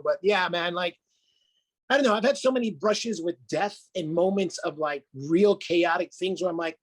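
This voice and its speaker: A man talking as a guest on a podcast: an energetic life coach who speaks in a motivational way, swears freely and laughs often. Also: high voice, normal speed, low-quality recording. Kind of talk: casual podcast conversation.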